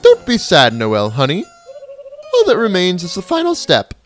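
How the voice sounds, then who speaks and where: A player voicing a pompous computer queen from a game, in a booming, theatrical, strained high voice. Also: wildly swooping pitch, normal speed, soft background music. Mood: imperious.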